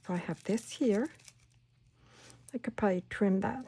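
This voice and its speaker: A woman hosting a casual crafting tutorial at home, chatting and talking herself through each step, sometimes dropping to a soft whisper. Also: medium pitch, moderate pace, husky. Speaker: craft channel host.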